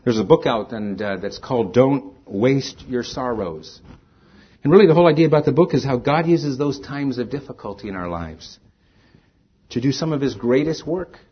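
A male pastor preaching a sermon in a husky, slightly breathy voice, earnest and shifting between emphatic stresses and hushed lines. His pitch sits in a middle range for a man. The recording is dull and lo-fi. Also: animated, moderate pace. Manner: earnest, rising to emphatic stresses then dropping soft.

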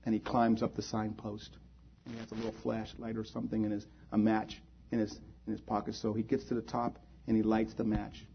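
A man's voice: on the low side, monotone, fairly quick, creaky, lo-fi sound, slight background noise. A male preacher at a church service, giving an altar call and closing prayer in a pleading, inviting way. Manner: pleading, invites hands raised.

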